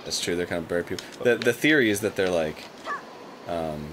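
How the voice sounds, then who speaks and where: A man's voice: low-pitched, a little fast, background noise. A man co-hosting a gaming show in casual chat, joking playfully and laughing along.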